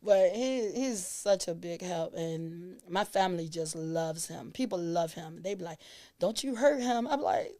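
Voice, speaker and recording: A woman's voice: fairly low pitch, a little slow, few pauses, mellow. A woman, a guest on an interview show, telling stories animatedly and laughing often. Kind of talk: casual interview chat.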